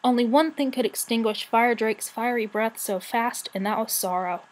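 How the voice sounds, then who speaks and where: A woman reading a children's fantasy novel aloud with expressive, measured narration. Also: fairly high pitch, poor audio.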